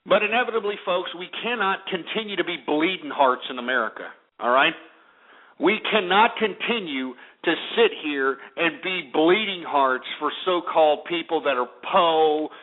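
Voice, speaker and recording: Male talk radio host, high voice, ranting and profane. Tinny lo-fi sound. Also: expressive. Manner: ranting, profane, fast bursts.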